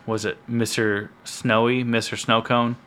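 A man's voice: medium pitch, level tone, unhurried, fairly bright tone, slight background noise. A young man co-hosting a podcast, chatting casually about a TV episode in a meandering way that often trails off mid-sentence. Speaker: podcast co-host. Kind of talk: casual chat reviewing a TV episode.

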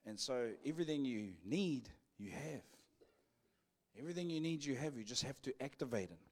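Lively intonation marks this pastor's medium-pitched, slightly mellow voice as he speaks at a normal pace. Preaching live to his church with a New Zealand accent, he's playful and cheeky, joking with the congregation and acting out back-and-forth dialogues.

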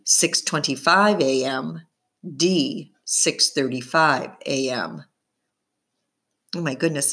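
A woman reading a first-person audiobook aloud, with expressive narration that follows the story's tension. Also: low-pitched.

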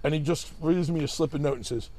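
A man's voice: a little high, fast, mellow. A man, telling a long, rambling, profane story in casual chat and acting out other people's voices.

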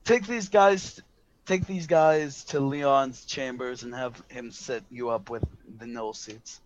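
A man's voice: medium pitch, slow pace, slight background noise, natural voice. A man voicing a bossy, impatient woman director who barks orders in a tabletop game. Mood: impatient, commanding. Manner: barking orders, exasperated. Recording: dull lo-fi, dry.

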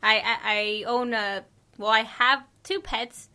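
A woman's voice: fairly high pitch, fairly even intonation, slow, bright, forceful tone. A young woman in her twenties, a recent graduate, speaking as a podcast guest with hesitant, filler-heavy chat. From Mexican-American. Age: 20s.

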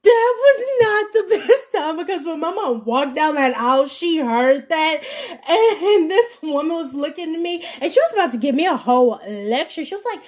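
Teen girl, 17, high voice, podcast host; chatty, colloquial storyteller who acts out every quote. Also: moderate pace. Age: teens. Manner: animated, acts out quoted voices with big pitch jumps; colloquial, rambling with restarts. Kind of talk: casual storytelling rant.

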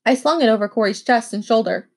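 A woman reading a children's novel aloud with expressive first-person narration. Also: a little high, fast. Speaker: audiobook reader.

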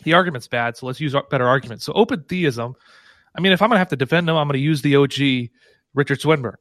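A man, a guest co-author, arguing his point in casual academic debate, emphatic and animated with quick asides. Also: mid-range voice, no echo, clean studio sound.

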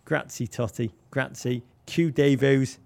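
A man's voice: medium pitch, fairly even intonation, measured pace, creaky, darkish tone. A man co-hosting a casual podcast chat, playful, florid and theatrical. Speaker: podcast co-host.

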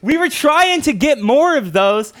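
A man's voice: very high-pitched, unhurried. A young man chatting casually on a podcast, telling a story with lots of swearing and laughter. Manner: animated storyteller, swears freely, laughs often. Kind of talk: casual profane chat.

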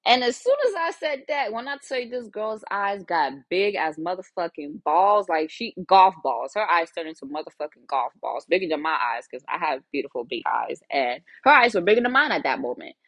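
Blunt, animated woman telling a story. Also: on the low side, normal speed, hardly any pauses, no room sound. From Africa. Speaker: podcast host. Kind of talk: casual storytelling.

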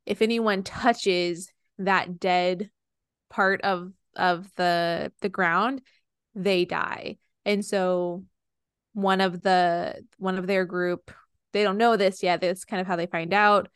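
A young woman chats casually as a podcast co-host, retelling a story and circling back with many fillers and restarts. Her voice is smooth and resonant, and the recording is close and dry, with no room sound. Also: fairly low pitch, steady tone, takes it slowly, no echo. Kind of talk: casual book discussion.

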